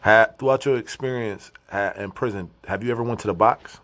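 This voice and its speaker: Lower-voiced man asking probing questions. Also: a little fast, fairly bright tone. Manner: probing questions, street slang. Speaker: interviewer host. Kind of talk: casual interview.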